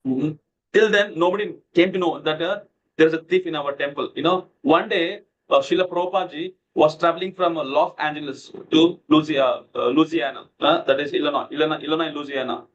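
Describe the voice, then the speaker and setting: A man's voice: on the high side, fairly quick, muffled recording, slight background noise. A man teaching a devotional scripture class over a video call, telling a story loosely with lots of "you know" fillers. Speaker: Bhagavad Gita class teacher.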